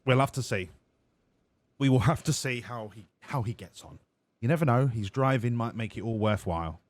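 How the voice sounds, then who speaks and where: A man's voice: medium pitch, normal speed, no echo. A man giving casual, joking commentary while playing a game, sweary and self-mocking. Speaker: streamer.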